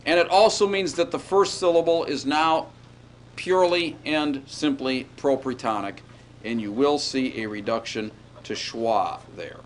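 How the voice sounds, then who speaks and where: A man teaching a grammar class in a chatty, digressive way, often checking in with "all right?". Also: medium pitch. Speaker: Hebrew grammar lecturer. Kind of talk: classroom lecture.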